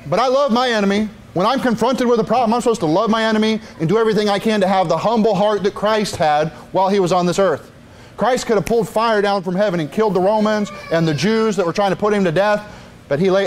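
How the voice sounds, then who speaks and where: Middle-aged male preacher, high-pitched, emphatic sermon delivery with frequent asides. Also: a little fast.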